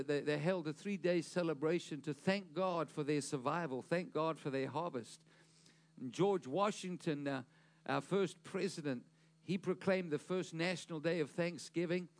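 A man's voice: on the high side, normal speed. A man preaching a sermon to a congregation, pushing his voice up for emphasis, asking the room questions and stumbling into restarts. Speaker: pastor.

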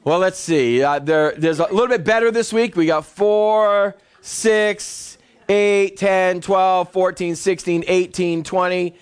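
A man's voice: high voice, slow, clean tone. A male pastor preaching a sermon to his church congregation, acting out the voices of the people in his stories. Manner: animated storytelling preacher, acts out voices.

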